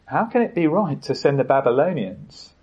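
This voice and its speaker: A man's voice: on the high side, very animated, normal speed, a little mellow, husky, muffled recording. A man, a church pastor preaching an earnest sermon with frequent hesitations and fillers.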